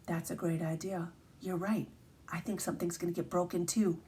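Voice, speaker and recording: A woman teacher reading a picture book aloud to children, animated and asking them questions as she goes. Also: fairly low pitch, normal speed, slight background noise.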